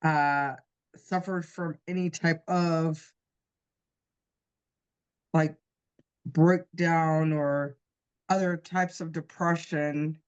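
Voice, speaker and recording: A woman hosts a podcast and asks her questions very slowly, with a fairly low voice. She sounds tentative and keeps searching for her words, and the recording is dull and muffled. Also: fairly even intonation, clean tone. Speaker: podcast host. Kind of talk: interview questions.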